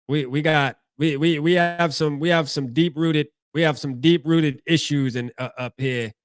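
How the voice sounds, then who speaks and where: A man's voice: on the high side, a bit bright, dry recording, studio quality. A man hosting a fan postgame show, ranting casually with slang and lots of repeats and restarts.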